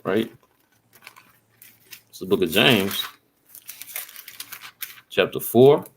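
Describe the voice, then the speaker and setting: Male preacher, low register, scripture reading mixed with rhetorical questions. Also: lively intonation, slight background noise. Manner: reads verses slowly, asks rhetorical questions, tags lines with "man". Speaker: street preacher.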